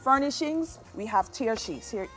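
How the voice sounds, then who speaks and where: A woman walks through design choices one step at a time, with heavy emphasis on her words. Her voice sits a little high for a woman. Soft music plays under her speech. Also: expressive, normal speed. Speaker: interior designer. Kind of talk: casual demonstration chat.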